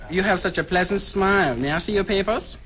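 A man's voice: high-pitched, brisk, fairly bright tone. A man playing a pompous German customs officer. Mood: interrogating. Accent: put-on German. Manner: bossy, interrogating, breaks into laughter. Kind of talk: improvised comedy sketch.

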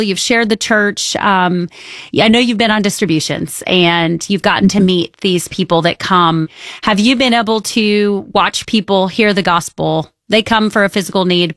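A woman hosting an interview, giving soft listening murmurs and asking measured questions. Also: medium pitch, no room sound, studio quality. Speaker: host.

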